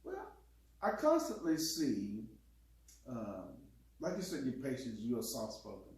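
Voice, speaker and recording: A man in casual chat with his partner, telling animated stories and acting out quotes with laughs. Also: medium pitch, measured pace. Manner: animated, laughing storyteller who acts out quotes. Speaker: co-host. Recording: echoey room, distant mic.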